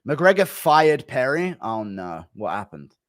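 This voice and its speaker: A man, reacting to chat on a livestream, giving blunt, dismissive, rapid-fire verdicts. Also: mid-range voice, very animated, fairly bright tone, no echo, studio quality. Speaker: streamer.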